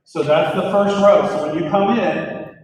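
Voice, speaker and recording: A man, his voice a bit high for a man, reads out names one after another in an upbeat, directive way. He is heard from far across a large gym. His voice rings off the walls with a long, booming echo. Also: steady tone, a little slow. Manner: upbeat, directive, stumbles over names and apologizes. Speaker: school staff member running graduation rehearsal. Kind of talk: calling out names and giving instructions. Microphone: far from the speaker.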